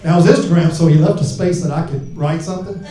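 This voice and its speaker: Brash comic in a roomy club. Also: male voice, on the high side, fast, background noise. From Alabama. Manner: crude, brash, shouting punchlines. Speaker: stand-up comedian. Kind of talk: stand-up set. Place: comedy club stage. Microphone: handheld mic. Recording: roomy club sound from far off.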